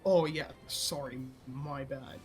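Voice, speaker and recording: A man's voice: mid-range voice, fairly even intonation, slow, faint music behind. A young man, gaming and chatting bluntly, swearing casually as he gets confused. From India.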